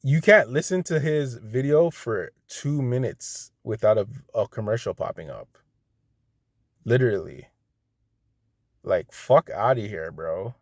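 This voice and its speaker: A man's voice: mid-range voice, lively intonation, a little slow, no room sound, clean studio sound. A man ranting casually to the camera, blunt and heated, with plenty of profanity. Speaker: vlogger. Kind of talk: casual rant.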